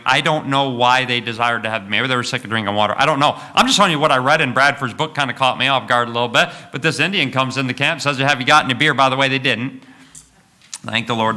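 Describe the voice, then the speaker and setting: A man's voice: medium pitch, sharp tone. A man preaching to a congregation, telling a historical story with many fillers and restarts and questions thrown to his listeners. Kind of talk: storytelling sermon.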